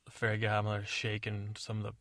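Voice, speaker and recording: A man hosting a sleep podcast, telling a bedtime story in a meandering, digressive, low-key way. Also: monotone, quick pace, a bit bright, no echo.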